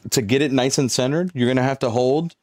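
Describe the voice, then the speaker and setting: A man's voice: mid-range voice, brisk, a little mellow, no echo. A young man on a live stream, chatting casually with viewers and walking them through a game, swearing now and then as he hypes them up.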